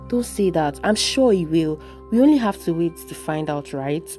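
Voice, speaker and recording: A woman's voice: low-pitched, expressive, moderate pace, warm tone, faint music behind. A woman voicing a fiery loyal best friend. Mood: comforting. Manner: protective, urgent questioning.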